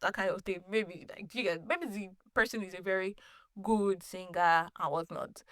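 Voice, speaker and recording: A woman hosting her own podcast, telling a personal story in a casual, animated way, laughing often and restarting sentences. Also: medium pitch, normal speed, no room sound, studio quality. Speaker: podcast host.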